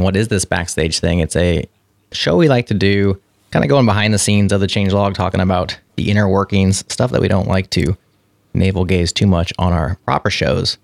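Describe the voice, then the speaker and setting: A man's voice: low-pitched, vocal fry, no room sound, clean studio sound. A man hosting a podcast, chatting in a rambling, friendly way that often corrects itself. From United States. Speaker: podcast host. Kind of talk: casual chat.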